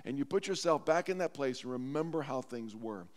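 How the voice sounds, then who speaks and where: A man's voice: medium pitch, expressive, fairly quick. A man preaching a sermon as pastor, earnest and heartfelt, in a church sanctuary. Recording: long church hall reverb.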